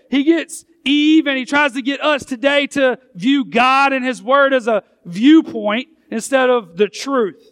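A man's voice: extremely high pitch, unhurried, few pauses, fairly bright tone, smooth, no echo. A man preaching a sermon as pastor, reading scripture aloud and making his points with emphasis. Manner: emphatic preaching, reads scripture aloud, voices the questioning crowd.

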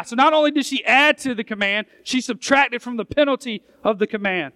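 High, smooth-voiced preaching man. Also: a little fast, few pauses, sharp tone, no room sound. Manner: emphatic preaching, reads scripture aloud, voices the questioning crowd. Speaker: pastor. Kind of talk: sermon.

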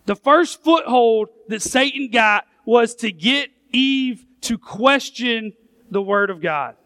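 High, smooth-voiced preaching man. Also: expressive, slow, a bit bright, dry recording. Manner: emphatic preaching, reads scripture aloud, voices the questioning crowd. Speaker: pastor. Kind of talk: sermon.

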